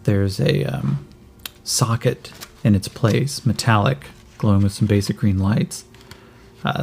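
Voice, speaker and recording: A man narrating a tabletop game as game master, relaxed and halting with many fillers. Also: on the low side, creaky, slightly rough.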